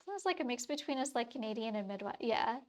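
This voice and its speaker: A woman's voice: fairly high pitch, lively intonation, quick pace. Chatty woman with a faint Wisconsin accent. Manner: rambling, many fillers and restarts. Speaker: streamer. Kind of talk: casual chat with chat while drawing.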